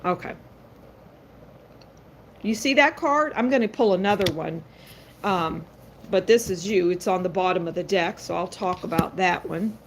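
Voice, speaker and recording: A woman's voice: fairly low pitch, moderate pace, long pauses, slight background noise. A woman doing a live-stream tarot reading. She is blunt and sassy and speaks straight to her viewers. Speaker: tarot card reader.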